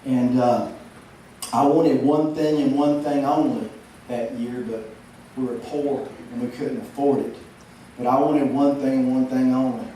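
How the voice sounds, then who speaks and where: A man's voice: mid-range voice, fairly even intonation, a little slow, mellow. A man, giving a humorous speech and stuttering, repeating words as he goes. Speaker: motivational speaker. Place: large hall. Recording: echoey hall from far off, noisy.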